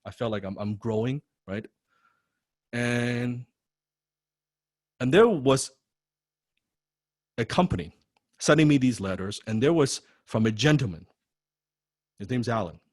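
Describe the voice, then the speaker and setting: Animated, swearing male course teacher. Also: mid-range voice, unhurried, pauses often, no echo, studio quality. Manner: animated and profane, repeats words when excited; frequent rhetorical "right?". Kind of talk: personal story told in a lecture.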